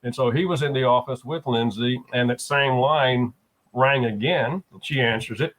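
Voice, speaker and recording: Man, middle-pitched voice, guest, relaxed storyteller, frequent fillers. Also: moderate pace, poor audio. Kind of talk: casual conversation.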